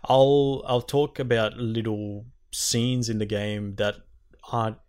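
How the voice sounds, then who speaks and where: A man's voice: on the low side, slow pace, clear, resonant tone. A young man in casual chat, retelling game scenes animatedly and swearing a lot. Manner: animated, swearing, quoting characters in exaggerated voices.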